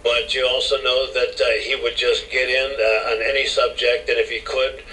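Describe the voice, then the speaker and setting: A man hosting a call-in radio show, rambling and halting with many restarts. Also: medium pitch, level tone, sharp tone. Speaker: radio host. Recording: distant radio broadcast with faint hiss.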